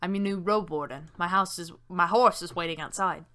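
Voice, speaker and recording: An easygoing traveler and new road warden in a text game, read by a woman in her own bright voice. The lines come cheerful and relaxed. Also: fairly low pitch, fairly quick.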